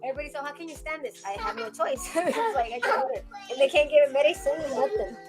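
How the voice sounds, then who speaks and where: A woman with a high, bouncy voice talks in a casual vlog as a mother, chatty and exasperated while scolding a toddler. Music plays clearly behind her. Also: expressive, fast talker. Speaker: mother and vlogger.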